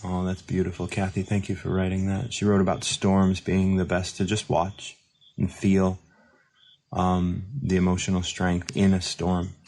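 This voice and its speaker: A man's voice: deep voice, completely flat delivery, unhurried, darkish tone. A man hosting a recovery show, talking in a rambling, reflective way with many fillers and restarts, now and then reading viewer comments aloud. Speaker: recovery mentor and show host. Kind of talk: casual livestream monologue.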